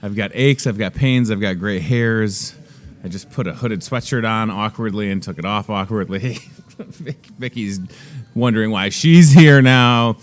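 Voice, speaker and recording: A man's voice: fairly low pitch, a little slow. A man in his thirties hosting a live store segment, chatty and joking about himself as he talks with a guest. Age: 30s. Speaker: host. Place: inside a grocery store.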